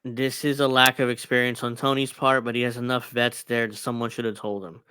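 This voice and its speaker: A man with a bright, crisp voice talks casually as a podcast host. He rambles and restarts his sentences often. The sound is dry and close. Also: medium pitch, level tone, a little fast, dry recording. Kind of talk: casual chat.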